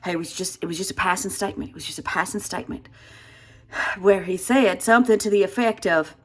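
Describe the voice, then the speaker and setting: A woman in her sixties with a mid-range voice talks fast against slight background noise. She's a comedic vlogger playing a satirical version of herself, venting in an exasperated, rambling monologue with frequent sighs and restarts.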